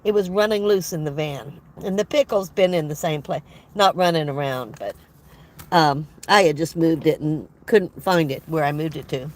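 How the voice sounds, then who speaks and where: Deep and darkish in tone, her voice moves at a moderate pace. The older woman, a van life vlogger, chats casually on a livestream from inside her van, nasal with a head cold, rambling, laughing frequently and saying hello to viewers.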